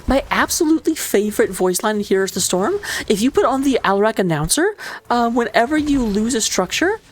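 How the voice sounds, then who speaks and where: Playful, excitable woman casting a game. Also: fairly quick. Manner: playful, jokey, with sudden excited jumps in pitch. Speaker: esports caster. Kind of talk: live game commentary.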